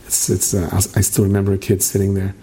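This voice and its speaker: A man's voice: sits low, completely flat delivery, fast talker, background noise. A middle-aged man giving a late-night Torah lecture to students, telling stories in a rambling way with many restarts and questions to the room. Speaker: rabbi teaching a class.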